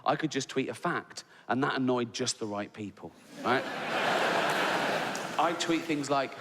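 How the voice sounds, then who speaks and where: A stand-up comedian in his sixties talks slowly with frequent pauses in a mid-range voice, and the recording is very noisy, with live hall reverb and faint ambience. He tells stories conversationally, tagging lines with "right?" and laughing at his own jokes.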